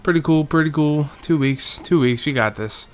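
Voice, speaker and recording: A young gaming YouTuber gives casual, joking commentary over a football video game, rambling through stats and doing mock play-by-play. His voice is a little high and he speaks at normal speed, with soft music in the background.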